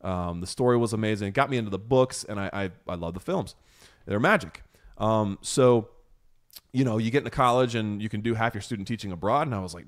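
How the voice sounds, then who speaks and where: A man's voice: lowish voice, fairly quick. A young man hosting a podcast, who tells a story in a casual chat and acts out the quotes with animation. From United States. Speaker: podcast host.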